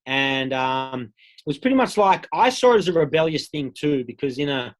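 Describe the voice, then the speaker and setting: A man's voice: on the high side, big pitch swings, normal speed. An Australian man in his thirties, a podcast guest telling his own story in a candid, casual way with plenty of swearing. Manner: candid, swears freely, acts out quoted voices.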